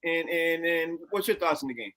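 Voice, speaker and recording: Bright-voiced upbeat man hosting sports talk. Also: on the high side, moderate pace, low-quality recording. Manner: loud, upbeat, hands the floor to guests. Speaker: sports talk show host.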